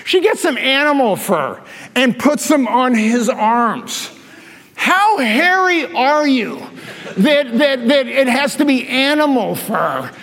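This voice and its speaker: A man preaching with a high, bright voice, spinning animated stories and chuckling at his own punchlines. His sermon rings out with the long reverb of a big church hall. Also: slow pace. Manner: animated storyteller, laughs at his own jokes. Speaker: pastor.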